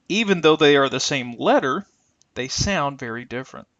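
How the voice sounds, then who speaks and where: Lively-voiced man teaching pronunciation. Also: fairly high pitch, dry recording, dull audio. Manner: careful, deliberate, stretches example sounds. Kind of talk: scripted instructional narration.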